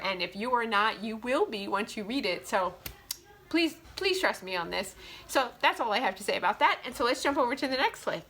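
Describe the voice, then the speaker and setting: Her voice a little high and sharp in tone, a young woman who reviews romance novels on BookTube talks about them in a heartfelt, chatty way. The casual review is packed with "like" fillers.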